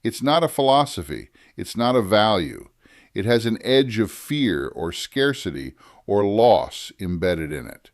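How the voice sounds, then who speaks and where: A man narrating a scripted writing lesson, deliberate and measured, slowing down to stress key phrases. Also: on the low side, sing-song, dry recording, clean studio sound. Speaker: writing teacher.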